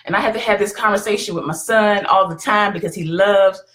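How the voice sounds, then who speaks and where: A woman's voice: medium pitch, brisk, a bit bright. A woman hosting a live stream and giving motivational advice, encouraging and checking in with her viewers as she talks. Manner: encouraging, keeps checking in with "right?".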